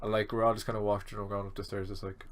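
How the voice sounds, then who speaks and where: A young man in his twenties telling a rambling, animated storytime vlog, swearing freely. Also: on the low side, racing. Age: 20s. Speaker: student vlogger.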